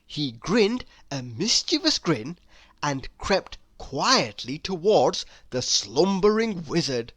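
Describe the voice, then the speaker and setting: A woman reads a children's story aloud in an expressive, animated way, her pitch rising and falling widely. She takes her time, with a bright, clear tone. The recording is dry and close. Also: no echo. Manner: expressive, animated reading with slow pacing.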